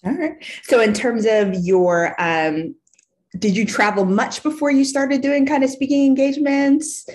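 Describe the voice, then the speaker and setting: A woman hosting an interview, asking long questions in a measured way. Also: high voice, darkish tone. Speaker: podcast host.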